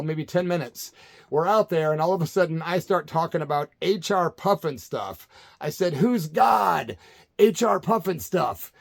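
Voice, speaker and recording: A man in his sixties telling rambling old tour stories in a casual, laid-back way, often tossing in "man". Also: fairly high pitch. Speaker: storyteller recalling punk tours. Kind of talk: casual spoken-word storytelling.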